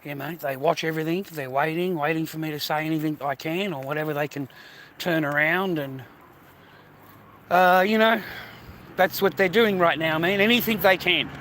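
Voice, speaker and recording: A man's voice: on the high side, fairly even intonation, normal speed, fairly bright tone, slight background noise, rough recording. A man talking unscripted on his livestream, ranting emphatically and repeating himself, often tossing in "mate" and "man". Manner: peppers speech with "mate" and "man". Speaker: livestream host.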